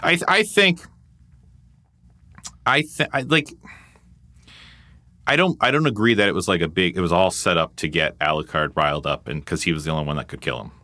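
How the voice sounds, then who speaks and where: Podcast co-host, lowish bright male voice, irreverent jokes, dry close mic. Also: lively intonation, fairly quick, long pauses, no echo. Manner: joking, irreverent. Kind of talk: casual chat.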